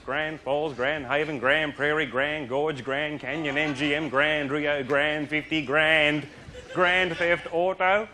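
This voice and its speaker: A man with an Australian accent delivering a brash, loud stand-up comedy monologue. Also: a little high, slight background noise. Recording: live crowd and loud ambience.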